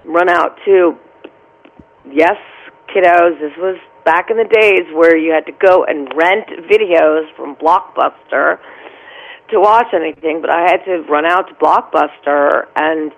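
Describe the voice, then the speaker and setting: This is an animated middle-aged actress telling stories in an interview. Her voice has a gravelly, fry-laced edge. She is expressive and relives every moment as she talks. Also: lowish voice, measured pace, highs cut off. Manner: animated, vivid storyteller. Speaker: actress guest. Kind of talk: storytelling interview answer.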